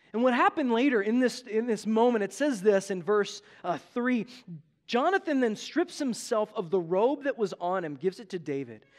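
A male pastor preaches in a loose, slangy way, his voice sitting high and leaping around in pitch. He swings from near-shouted peaks to quiet, intimate lines. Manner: animated, dramatic swings in loudness and pitch, casual slang. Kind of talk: sermon.

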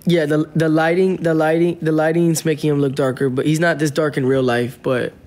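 A man's voice: on the high side, little pitch movement, fairly quick, a little mellow, roomy sound, a little hiss or hum. A man livestreaming from home, pleading with viewers over and over and thanking them by name. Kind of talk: casual livestream chat. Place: home room.

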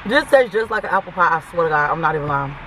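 A woman's voice: on the low side, lively intonation, very fast. A woman hosting a casual food review vlog from inside a car, chatty and playful with a teasing edge. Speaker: vlog host. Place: inside a car, outdoors nearby. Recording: distant mic with car and street noise.

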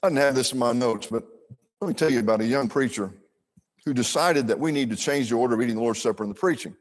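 A man's voice: mid-range voice, fast talker. An older man teaching a church Bible class in an earnest, folksy way, with asides to his listeners.

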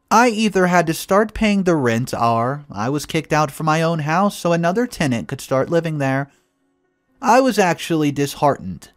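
Male narrator, animated delivery, dry close sound, faint music underneath. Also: mid-range voice, no room sound. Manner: lively, dramatic storytelling. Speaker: story narrator. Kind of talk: reading a first-person story aloud.

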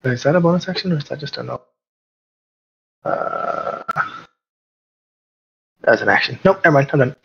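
A man playing a character in a tabletop game, talking hesitantly with many pauses and restarts. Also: fairly high pitch, vocal fry, fairly bright tone, breathy edge. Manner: hesitant, lots of uh and restarts, chuckling. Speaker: player. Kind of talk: casual tabletop game chat. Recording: dull lo-fi voice chat audio.

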